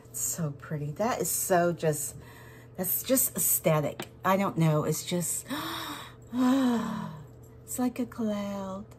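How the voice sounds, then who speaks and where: A woman chatting to her viewers as she works on a craft project, excitable and talkative. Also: mid-range voice, very slow, slight background noise. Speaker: resin craft vlogger. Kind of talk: casual crafting vlog chat.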